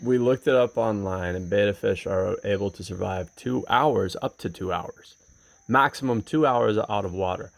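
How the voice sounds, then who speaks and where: Man, low voice, matter-of-fact storyteller, dry close sound. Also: moderate pace, creaky, no room sound. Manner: matter-of-fact, retells events plainly. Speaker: podcast co-host. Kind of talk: casual storytelling chat.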